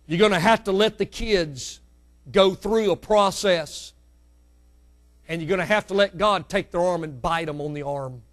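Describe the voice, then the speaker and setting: A middle-aged male pastor preaching a sermon, with sudden loud climbs and hushed drops. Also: high-pitched.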